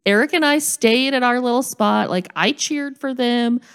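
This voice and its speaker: A woman's voice: a little high, normal speed, a bit bright, smooth. Woman telling a self-mocking story. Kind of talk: casual storytelling chat.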